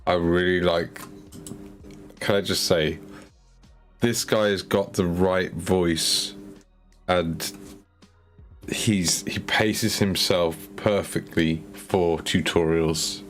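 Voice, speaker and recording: A very low-voiced man chats idly while painting miniatures on a stream. He rambles in a relaxed way and often restarts his sentences. Faint music plays in the background. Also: extremely slow, long pauses.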